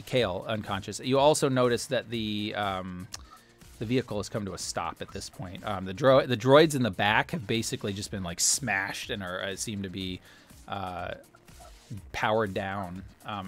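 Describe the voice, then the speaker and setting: Rambling game master, many fillers. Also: male voice, fairly low pitch, normal speed, fairly bright tone, soft background music. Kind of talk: narrating a tabletop game.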